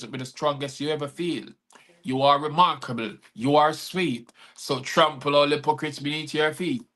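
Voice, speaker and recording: Man, fairly high bright voice, host reciting rhythmic spoken-word poems. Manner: rhythmic spoken-word delivery, warm encouragement. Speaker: host and poet. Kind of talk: live-stream chat with spoken-word poetry.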